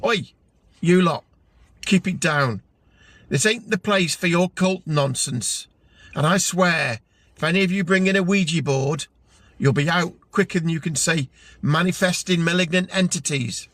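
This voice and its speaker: A scowling old barman, gruff and threatening, barks at noisy customers in a storybook reading, as a man puts him on. The voice sits a little high and pushes out with a hard edge. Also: a little slow, fairly bright tone, no room sound. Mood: grumpy.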